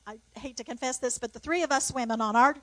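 A woman's voice: high-pitched, normal speed, dry recording, poor audio. An older woman giving an emotional mission testimony in church, exclaiming praise.

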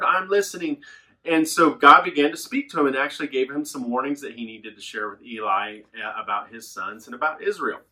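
A man teaching a children's Bible lesson, telling stories in a lively way and acting out the characters' lines. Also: mid-range voice. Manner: animated storytelling with voices. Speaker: children's pastor.

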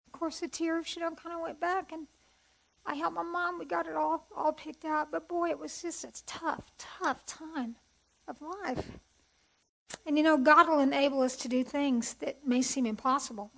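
A woman's voice: high voice, vocal fry, fairly bright tone, rough recording. Earnest woman sharing a heartfelt testimony. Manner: earnest, heartfelt storytelling with hesitations. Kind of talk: personal testimony talk.

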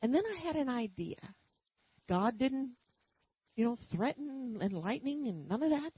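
A woman preaching a sermon and telling a personal story, swinging from quiet asides to loud emphatic bursts. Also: a little high, expressive, a little slow, breathy edge, no echo, dull audio.

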